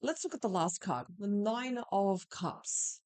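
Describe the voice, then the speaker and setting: A woman's voice: medium pitch, expressive, measured pace, darkish tone. A woman giving a weekly tarot reading, talking straight to the listener in a reassuring way. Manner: reassuring, addresses the listener directly. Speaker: tarot reader.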